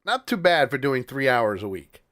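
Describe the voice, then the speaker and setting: A podcast host runs a live-streamed talk show, chatting casually, laughing often and trailing off while he looks things up. He speaks at a moderate pace in a sing-song, medium-pitched, slightly bright voice.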